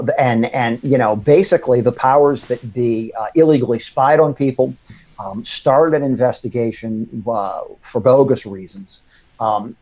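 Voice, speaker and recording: A man's voice: medium pitch, dark tone. A man from Louisiana hosting a casual political chat, rambling and wry as he tells stories. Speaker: host. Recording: dull lo-fi stream audio.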